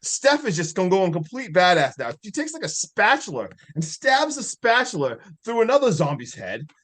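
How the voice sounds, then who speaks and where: A man's voice: high-pitched, sing-song, brisk, a bit bright. A man casually recapping a film as a podcast co-host, rambling with fillers and frequent laughs.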